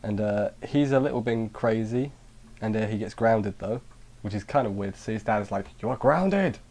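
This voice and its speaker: A man's voice: on the low side, steady tone, normal speed, dark tone. A man giving a casual anime review, rambling with frequent restarts and dry sarcasm. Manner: rambling, sarcastic, self-interrupting.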